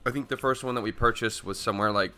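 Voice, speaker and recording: A man co-hosting a podcast, telling stories in lively casual chat, laughing loudly and swearing freely. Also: fairly low pitch, quick pace, over music. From Texas. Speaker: podcast co-host.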